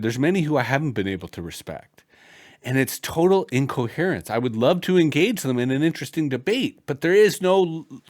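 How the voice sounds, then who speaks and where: A man from Canada with a Canadian accent, hosting a podcast interview in an animated, hammy way with stammered restarts. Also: a little high. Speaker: podcast host.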